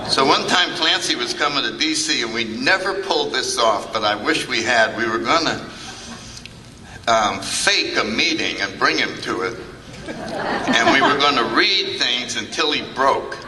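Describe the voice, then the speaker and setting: A man's voice: mid-range voice, animated, unhurried, noisy background. Older guy cracking stories at a big convention, long hall reverb, a bit far off the mic. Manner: humorous, anecdotal, acts out quoted remarks. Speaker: recovery meeting speaker. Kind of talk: storytelling talk to a convention audience. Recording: echoey hall, picked up from a distance.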